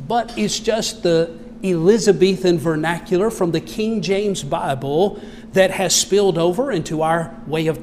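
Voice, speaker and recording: High-voiced man, Southern accent, preaching sermon, slow solemn scripture reading, folksy explanations, reverberant hall, faint noise. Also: a little mellow. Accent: Southern American. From American South. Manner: reads scripture slowly and solemnly, then explains in plain folksy talk. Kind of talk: expository sermon reading King James scripture.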